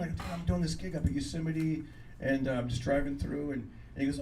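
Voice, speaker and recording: A middle-aged man from Fresno, California, doing live stand-up and telling animated stories in which he acts out voices. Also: on the high side, quick pace, far from the mic, background noise. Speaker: stand-up comedian and guest.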